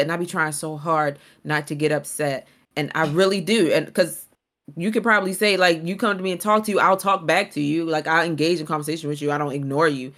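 A young woman with a fairly low voice talks in a casual podcast chat. She explains her point earnestly and patiently, with a touch of exasperation. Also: fairly bright tone. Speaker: podcast co-host.

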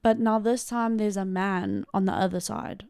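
A woman's voice: medium pitch, big pitch swings, moderate pace, a little mellow, clean tone, dry recording, clean studio sound. A woman co-hosting a podcast, telling a true crime case in a loose, chatty way, full of "like" and casual swearing. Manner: loose and conversational, heavy use of "like" and swearing. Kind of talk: casual storytelling chat.

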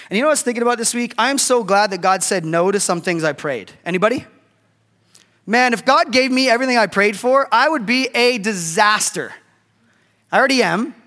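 High-voiced pastor preaching in a hall. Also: male voice, fairly bright tone. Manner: conversational, keeps asking "right?". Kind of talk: sermon.

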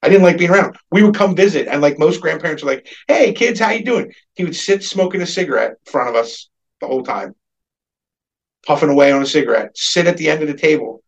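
A man's voice: on the high side, fast, poor audio. A man on a casual podcast, telling a long personal story in a rambling, profane way and livening up when he quotes people. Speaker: podcast co-host.

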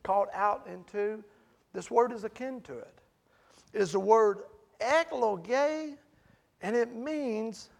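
A man with a high, gravelly voice preaches in a conversational style, putting questions to his congregation and rising to loud, forceful climaxes.

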